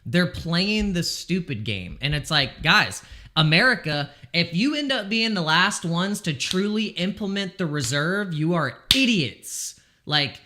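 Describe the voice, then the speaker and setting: Bright-voiced, excitable male crypto streamer. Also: high voice, unhurried. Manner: excitable, exasperated, swears freely. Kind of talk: casual live stream commentary.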